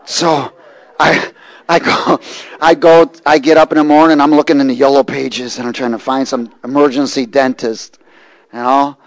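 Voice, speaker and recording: A man preaching a sermon, reading scripture and telling a lively personal story. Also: mid-range voice, normal speed, dry recording, rough recording. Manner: animated storytelling, rising to shouts and laughter.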